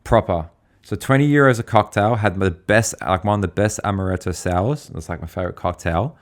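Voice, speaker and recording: A man's voice: lowish voice, brisk. An Australian man co-hosting a podcast, telling rambling stories in casual slang, full of fillers. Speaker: podcast co-host.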